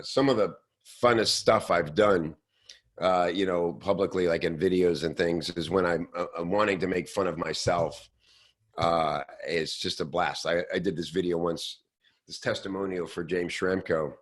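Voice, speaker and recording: Hosting a laid-back podcast, a low-voiced man drifts along with many fillers and false starts. Every so often he breaks into quick mock voices.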